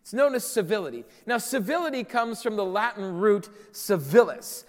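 Pastor, male, high voice, earnest sermon delivery that repeats key lines; reverberant room. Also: lively intonation, normal speed.

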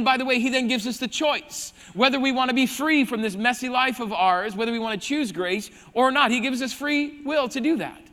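A man preaching a sermon as pastor, animated, swinging between hushed emphasis and loud bursts. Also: high voice. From South Dakota. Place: church hall. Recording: long reverb of a large hall.

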